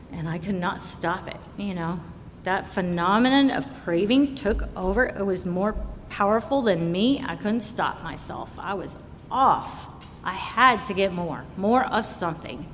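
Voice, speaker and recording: A woman sharing her recovery story at a meeting, telling it candidly and acting out the voices of the people in it. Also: a bit bright. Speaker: recovery speaker. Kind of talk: personal recovery share at a meeting. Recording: hall reverb, faint rumble.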